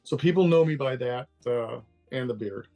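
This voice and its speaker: A man's voice: mid-range voice, moderate pace, warm tone, faint music behind. An older man from Texas, a guest in a casual interview, talking candidly and laughing easily. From Texas, USA. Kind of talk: casual interview over a call.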